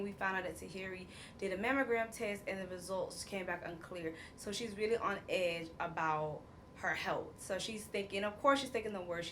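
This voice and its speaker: A woman's voice: mid-range voice, slight background noise. A woman, casually recapping a reality show episode, acting out quotes and laughing often. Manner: animated storyteller, acts out quotes, laughs often.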